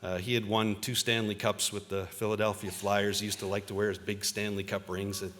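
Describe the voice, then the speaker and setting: A man's voice: lowish voice, flat delivery, a little fast, a bit bright, slight background noise. Man speaking in a big hall. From Ontario, Canada. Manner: conversational storytelling, self-deprecating, with frequent uh fillers. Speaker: convocation speaker, journalist. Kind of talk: convocation address with personal stories. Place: large convocation hall. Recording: reverberant hall.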